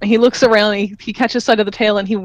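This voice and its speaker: A woman's voice: mid-range voice, level tone, fast talker, no room sound, lo-fi sound. A woman running a tabletop game as game master, narrating loosely with fillers and small laughs.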